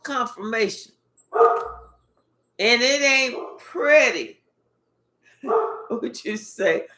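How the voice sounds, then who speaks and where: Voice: medium pitch, animated, very slow, sharp tone, slight background noise. A spiritual reader giving a casual reading in a blunt, profane, repetitive way. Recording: echoey room.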